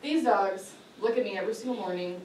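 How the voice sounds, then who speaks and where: A woman's voice: medium pitch, quick pace, a little mellow, a little hiss or hum. Woman, lighthearted prepared speech, laughs a lot; distant mic in an echoey hall, audience audible. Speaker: club speaker.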